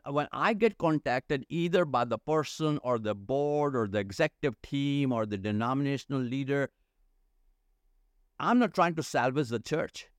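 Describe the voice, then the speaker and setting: A middle-aged man speaks slowly and deliberately as a podcast guest. He sounds earnest and often repeats a phrase to drive it home. The room sound is dry and close. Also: mid-range voice, no echo. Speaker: church leadership consultant, guest. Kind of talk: podcast interview.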